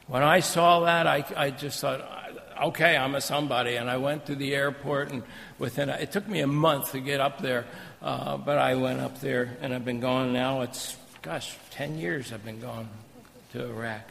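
Male missionary preacher, sermon delivery, gravelly tone, echoing sanctuary. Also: medium pitch, moderate pace. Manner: animated, storytelling, jokey asides. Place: church sanctuary.

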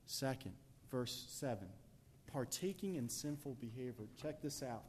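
A man preaching a sermon in a church, lively and conversational, acting out scenes, swinging from shouts to whispers, with many "you know"s. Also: medium pitch, measured pace, slight background noise.

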